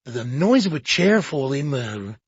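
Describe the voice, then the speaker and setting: An audiobook reader voicing a bored, sarcastic gentleman sidekick who speaks haltingly and drily. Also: mid-range voice, sing-song, breathy edge, no echo. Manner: hesitant, halting, dry and sarcastic. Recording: dull lo-fi audiobook.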